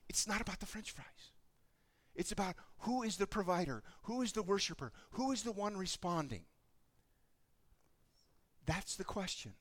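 A man preaching a sermon, telling stories in an animated way and acting out the voices of the people in them. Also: high voice, normal speed. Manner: animated storytelling, acts out voices. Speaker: pastor.

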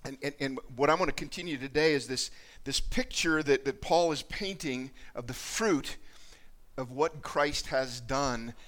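Earnest pastor preaching, halting and repetitive. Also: male voice, mid-range voice, fairly bright tone. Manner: earnest, halting, many restarts and repeated words. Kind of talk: sermon with spoken prayer.

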